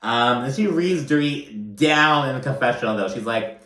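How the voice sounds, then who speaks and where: A man's voice: mid-range voice, animated, normal speed, a bit bright, roomy sound. A man giving casual, profane, gossipy recap commentary on a reality show, full of fillers.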